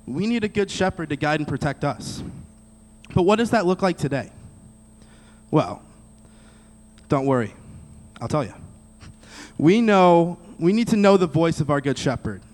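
A man's voice: on the high side, expressive, measured pace, pauses often, darkish tone. A man preaching a sermon in a direct, conversational way, speaking straight to the audience. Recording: long reverb of a large hall.

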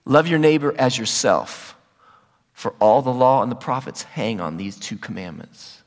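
A man voicing Jesus, reciting the commandments in a slow, weighty, solemn way, in a big reverberant hall. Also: mid-range voice, voice pushed down, close to an everyday voice.

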